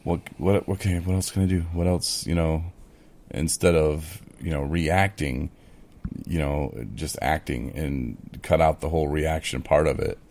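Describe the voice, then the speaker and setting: A man's voice: extremely low pitch, steady tone, unhurried, darkish tone. A man co-hosting a podcast in casual chat, full of "you know" fillers, acting out his own replies as he retells them. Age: adult in recovery, speaking of early sobriety. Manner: conversational, with many fillers, acts out his own quoted replies. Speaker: podcast co-host.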